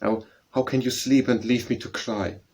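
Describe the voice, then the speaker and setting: A man's voice: medium pitch, steady tone, normal speed, creaky, darkish tone. A man voicing a little grieving orphan boy in a plaintive, pleading tone, reading a storybook poem aloud. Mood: sorrowful.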